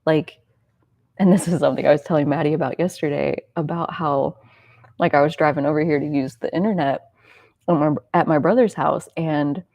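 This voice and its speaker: A woman's voice: sits low, steady tone, fairly quick, darkish tone, no room sound, clean studio sound. A woman hosting a casual spiritual self-help talk, reflective and rambling, with many filler words. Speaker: host.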